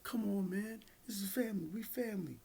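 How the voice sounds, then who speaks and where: A man's voice: high voice, fairly quick, gravelly, dark tone, slightly rough, voice pushed up, exaggerated voice. A man putting on the voice of a frantic young man pleading with his cousin to stop.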